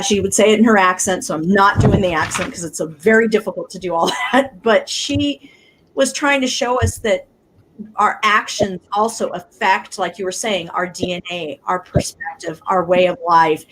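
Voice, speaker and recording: A woman speaking as a panelist on a faith talk show, telling stories in an animated way. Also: medium pitch, normal speed, rough recording. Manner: animated storytelling. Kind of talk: casual faith discussion.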